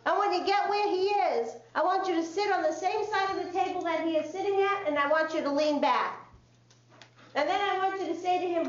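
A woman with a high voice tells a story to a live audience, acting out each line of dialogue with lively energy. The sound is roomy and a little dull, as if picked up in a hall with faint background noise. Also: brisk. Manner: animated, acts out dialogue. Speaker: speaker on child behavior.

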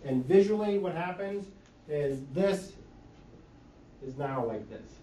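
A man's voice: fairly high pitch, lively intonation, takes it slowly, warm tone. A man who works as an eye doctor, patiently explaining lenses and eye health with everyday comparisons. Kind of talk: explaining to an audience. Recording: echoey room, mic from far off.

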